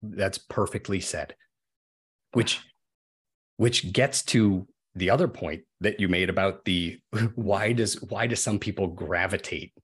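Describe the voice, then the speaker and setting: A man's voice: deep voice, takes it slowly, slightly rough. A man in a casual podcast conversation, explaining at length with everyday examples.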